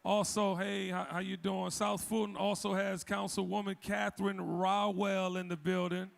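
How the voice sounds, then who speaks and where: High raspy guy emceeing, cracking jokes between names. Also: flat delivery, moderate pace. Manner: playful, joking roll call. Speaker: event emcee. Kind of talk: live event shout-outs. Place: event hall with audience.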